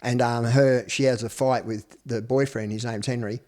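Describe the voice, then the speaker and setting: Speaking at a moderate pace in a steady, slightly mellow medium-pitched voice, this guest recounts his life story. He's an Australian man in his fifties, and his personal storytelling is candid, blunt, and profane.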